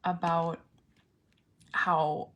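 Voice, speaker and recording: A woman in her forties, a parent talking casually to camera, earnest and animated, sometimes dropping to a soft near-whisper. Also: lowish voice, very slow. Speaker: parent vlogger. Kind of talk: casual personal vlog.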